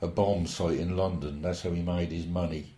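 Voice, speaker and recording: An elderly man tells old stories in a rambling, hesitant, folksy way. His voice sits low and mellow. The recording carries a roomy echo. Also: steady tone, normal speed. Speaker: interviewee. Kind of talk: oral history reminiscence.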